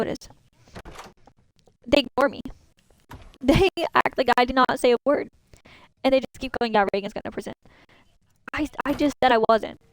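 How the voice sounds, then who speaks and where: A young woman talks through a gaming stream, retelling a frustrating story in an animated, chatty way and quoting people as she goes. Her voice sits a little high for a woman. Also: no room sound, rough recording. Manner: chatty, venting, animated retelling with quoted dialogue.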